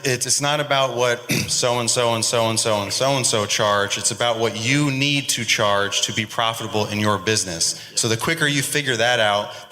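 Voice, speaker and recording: A man's voice: mid-range voice, pushed and bright. A man hosting a live podcast, encouraging the crowd with rallying business advice. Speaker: podcast host. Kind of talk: live podcast interview before an audience. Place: large expo hall with live audience. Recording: long hall reverb.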